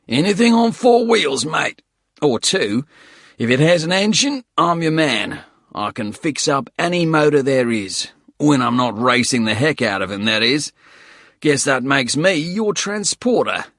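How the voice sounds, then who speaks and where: A man voicing a burly, rough Australian ex-soldier with a throaty, rusty voice, loud and boastful. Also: on the high side, sing-song, a little slow, dry recording, clean studio sound, voice pushed up, exaggerated voice.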